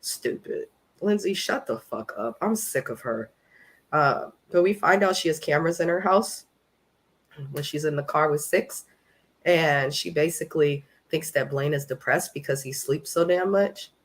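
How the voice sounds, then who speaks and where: A woman's voice: low-pitched, moderate pace, breathy edge. A woman from California hosting a casual live recap of a reality show, talking in a blunt, profane and opinionated way.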